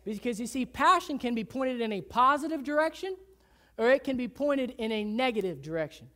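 A woman pastor preaching a sermon in a church, shifting from loud emphatic lines to hushed low ones and chatting with her listeners. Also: lively intonation. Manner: conversational, acts out people in quick asides.

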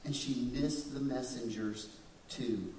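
A man's voice: mid-range voice, slow, a little mellow, a little hiss or hum. A man preaching a sermon in a church, dramatic and questioning, slipping into voices when he quotes people. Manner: dramatic, shifts into voices for quoted figures, asks the congregation questions. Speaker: pastor. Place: church sanctuary. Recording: echoey room, distant mic.

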